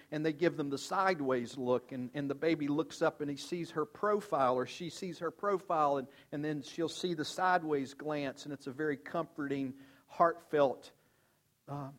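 An older man delivers a sermon in an earnest, conversational way. His voice sits a little high for a man, and he often drops to a soft, low tone to drive a point home. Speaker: pastor.

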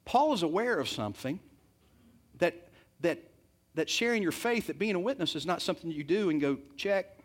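A man's voice: fairly high pitch, expressive, brisk, long pauses. A man preaching a sermon, retelling a scripture story in casual everyday speech and breaking into acted quotes. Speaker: pastor.

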